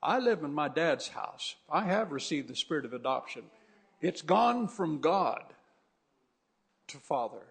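Gravelly, husky preaching man. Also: a little high, sing-song, unhurried, a bit bright. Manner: fervent, repetitive preaching with frequent restarts. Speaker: pastor. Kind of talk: sermon.

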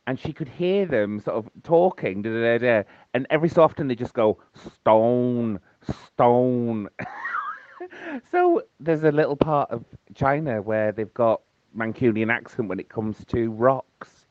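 A man's voice: moderate pace, no echo. A man leaving a chatty, silly voice message for a podcast. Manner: chatty, silly, sing-song with big pitch swings. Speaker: caller. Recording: dull lo-fi phone message.

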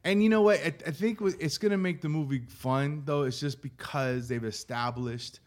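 A man's voice: fairly high pitch, moderate pace. A man co-hosting a podcast in casual chat, easygoing and teasing his co-host.

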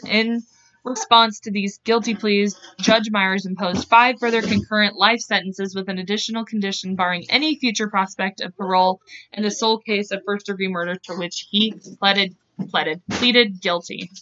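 Bright-voiced woman reading a case aloud. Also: mid-range voice, dry recording. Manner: reads notes aloud, trips over words and laughs at herself. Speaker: podcast co-host. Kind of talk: casual true-crime narration. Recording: dull lo-fi dry sound.

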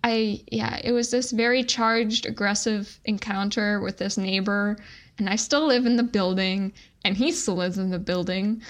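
A woman's voice: mid-range voice, steady tone, normal speed. A young adult woman co-hosting a podcast, telling a story in casual chat and filling her speech with "like". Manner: chatty, fills speech with "like". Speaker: podcast co-host.

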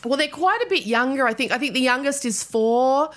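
A woman's voice: high-pitched, brisk, a bit bright. An Australian woman hosting a podcast, telling stories animatedly with laughter and some swearing. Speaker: podcast host. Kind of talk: casual chat.

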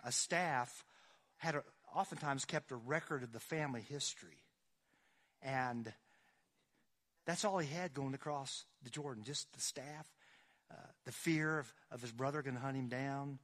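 A man's voice: medium pitch, a bit bright. A man preaching a sermon, reading scripture aloud with rising dramatic force and asking the congregation questions. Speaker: pastor.

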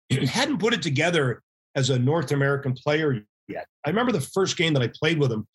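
A middle-aged man, a former hockey goalie, telling animated anecdotes as a podcast guest and acting out quoted voices. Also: on the high side, brisk, slightly rough. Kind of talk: casual storytelling interview.

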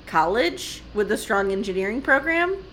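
Woman co-host, casual and blunt, swears freely, laughs a lot, bouncy pitch. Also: sing-song, normal speed, fairly bright tone, slight background noise. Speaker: podcast co-host. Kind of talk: casual recap chat.

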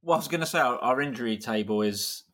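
A man's voice: medium pitch, animated, fast talker, fairly bright tone. A man co-hosting a podcast, talking casually with dry, self-mocking humour. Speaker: podcast co-host.

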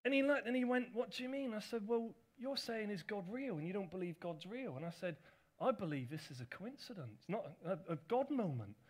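A man's voice: high-pitched, lively intonation, brisk. A middle-aged man, a pastor, telling a personal story in a chatty, self-deprecating sermon with asides to his congregation.

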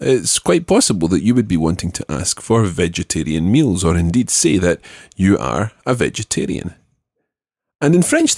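Deep, lively-voiced male language teacher. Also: gravelly, slightly rough, dry recording, clean studio sound. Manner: patient, slow and deliberate modelling of words. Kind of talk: spoken language lesson.

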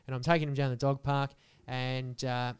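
A young man on a podcast, telling a story in casual banter with lots of swearing and animated, rambling energy. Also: medium pitch, moderate pace, clean tone. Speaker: podcast co-host.

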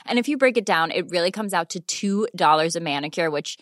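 A woman reads a sponsor spot with eager emphasis, her voice sitting a little low for a woman. The recording is close and dry. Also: moderate pace, few pauses, fairly bright tone, dry recording. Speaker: podcast co-host reading an ad. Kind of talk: scripted ad read.

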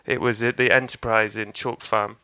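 A man, telling a lively sweary story in casual chat. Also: fairly low pitch, moderate pace, clear, resonant tone. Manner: animated, swears, acts out crowd voices. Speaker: comedian guest.

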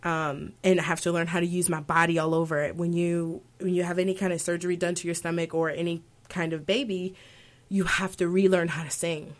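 Aspiring opera singer, woman in her 20s, lowish voice, rambling and reflective in interview. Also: flat delivery, brisk. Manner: thoughtful, rambling with fillers and self-corrections. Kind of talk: casual interview answers.

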